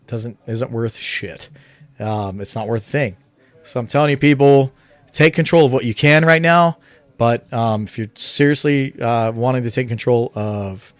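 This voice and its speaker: A man's voice: medium pitch, dry recording. A man hosting his own show, talking in a blunt, profane, rambling way with frequent restarts. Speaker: podcast host. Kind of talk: casual opinion monologue.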